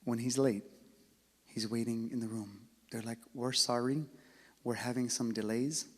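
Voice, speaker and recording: A man giving a religious talk and telling a story, swinging from loud calls to hushed near-whispers and acting out both sides of a conversation. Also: medium pitch, steady tone, unhurried. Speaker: speaker at an Islamic center. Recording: long hall reverb.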